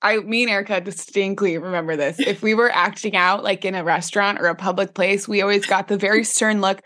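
A woman's voice: medium pitch, steady tone, fairly quick, a bit bright. A young adult woman hosting a casual podcast with her mother, listening supportively and chiming in with her own memories. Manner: supportive, affirming listener who laughs along. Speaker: podcast host, daughter of the guest.

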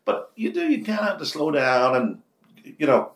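A man in his sixties from Belfast with a West Belfast accent, a radio host chatting as an interview guest, telling stories in animated bursts with many restarts. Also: on the high side, moderate pace. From Northern Ireland. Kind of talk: casual interview chat. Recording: echoey office room.

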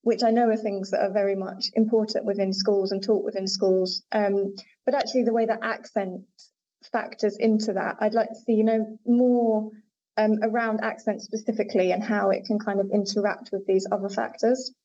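Woman academic talking it through, lots of ums and you knows, warm mellow voice, kinda dull lo-fi sound. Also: mid-range voice, level tone, moderate pace. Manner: thoughtful, many fillers and hedges. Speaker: linguistics researcher, guest. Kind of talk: interview answers. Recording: dull lo-fi audio with faint noise.

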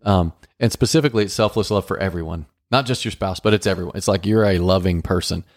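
Male podcast co-host, low and gravelly, upbeat, playful, teaching couples. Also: fast talker, no room sound, studio quality. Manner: upbeat, playful, acts out little dialogues. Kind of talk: casual marriage advice chat.

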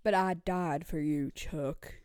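A woman putting on a cold, theatrical wealthy father in a slow, lowered, dramatic voice. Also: steady tone, a little mellow, clean tone, dry recording, clean studio sound. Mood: solemn.

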